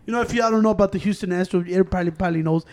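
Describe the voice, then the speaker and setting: Young dude chatting with his buddies, cusses a lot, throws in spanish, gets loud fast, kinda high voice. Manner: swearing, mixes in Spanish, loud and animated when arguing. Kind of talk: casual chat.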